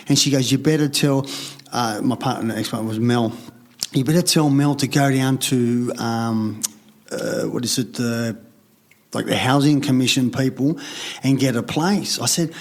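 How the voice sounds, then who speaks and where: A middle-aged man from Sydney, Australia, guesting on a podcast, tells a candid, rambling story all fired up, swearing heavily and acting out other people's lines. His voice is medium-pitched and creaky, at normal speed.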